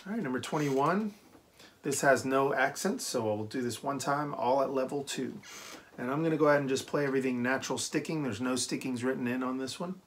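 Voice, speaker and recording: A man's voice: medium pitch, a little fast, slight background noise. Man teaching snare drum, easygoing. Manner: relaxed, encouraging, many ums and okays. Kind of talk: casual instructional talk.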